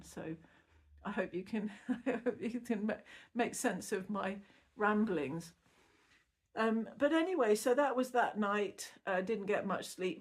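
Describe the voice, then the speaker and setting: Middle-aged woman, vlogger post-surgery; casual, meandering, quick to laugh. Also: medium pitch, slightly rough. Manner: rambling, chatty, laughs often. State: recovering from surgery. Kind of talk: casual recovery vlog.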